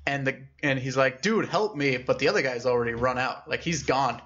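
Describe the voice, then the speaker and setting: A young man co-hosting a podcast, casually retelling a scary story and voicing its characters with lively shifts in pitch. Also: a little fast, muffled recording. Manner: animated storyteller, acts out characters with raised pitch. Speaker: podcast co-host.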